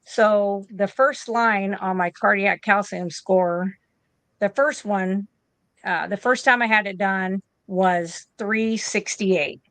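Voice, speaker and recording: A woman's voice: medium pitch, takes it slowly, fairly bright tone, dry recording. A woman in her fifties, an interview guest and nurse from the United States, telling a story in a casual way and acting out both sides of each conversation.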